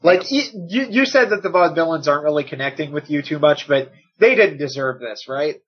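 Excitable man, wrestling chat co-host, high husky voice, lo-fi muffled sound. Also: brisk. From United States. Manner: enthusiastic, repeats words, excitable. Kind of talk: casual chat. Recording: dull lo-fi sound.

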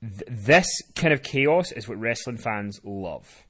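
A man with a mid-pitched, everyday voice hosts a wrestling podcast. He recaps events quickly and loosely, with plenty of "um"s and offhand swearing, and keeps the tone conversational. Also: expressive, a bit bright, slightly rough. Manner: quick, rambling recap with fillers and casual swearing. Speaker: podcast host.

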